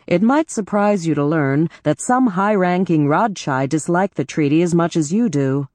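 A woman reading a novel aloud in the first person, in a measured, even way. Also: on the low side, no echo. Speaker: audiobook narrator. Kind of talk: scripted first-person narration.

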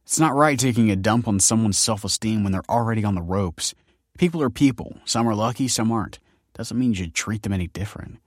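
A man's voice: fairly low pitch, fairly quick, no room sound, clean studio sound, natural voice. A man voicing an earnest, troubled young man who talks in a glum, self-deprecating way.

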